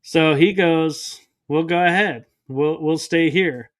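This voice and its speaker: This man, a guest on a podcast, speaks slowly in a voice on the high side. He shares a personal experience in the interview, performing the lines of dialogue as he goes.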